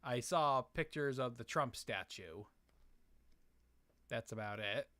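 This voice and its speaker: Smooth-voiced man hosting a live stream. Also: mid-range voice, takes it slowly, bright, forceful tone, dry recording. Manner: hesitant, many fillers and restarts. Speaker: live stream host answering chat questions.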